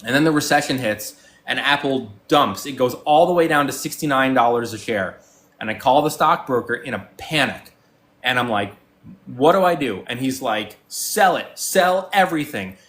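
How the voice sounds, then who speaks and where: A man's voice: mid-range voice, moderate pace, fairly bright tone. A man in his forties talking casually as a guest, telling stories with lots of fillers and restarts and acting out both sides of old conversations. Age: 40s. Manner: rambling storyteller, many fillers and restarts. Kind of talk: casual chat.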